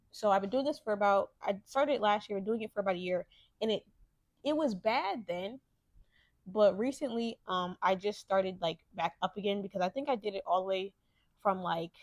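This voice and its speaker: With a medium-pitched voice and no room sound, a young woman podcaster tells stories candidly and profanely in a casual monologue. The recording is dry and close, and she grows heated when she starts ranting.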